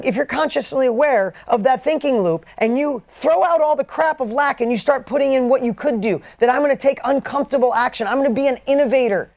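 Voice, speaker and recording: Man, motivational trainer, energetic, emphatic, blunt, mildly profane, speeds up and slows down for emphasis. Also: sits high. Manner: energetic, emphatic, fast bursts and drawn-out stresses.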